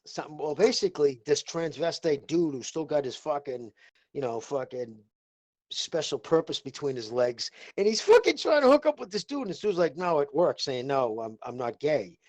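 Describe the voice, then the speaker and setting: A man's voice: a little high, big pitch swings, moderate pace, a little mellow, no echo. Profane Boston guy rambling. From Boston area, USA. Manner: rambling, profane, many restarts. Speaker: podcast co-host. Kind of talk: casual podcast chat.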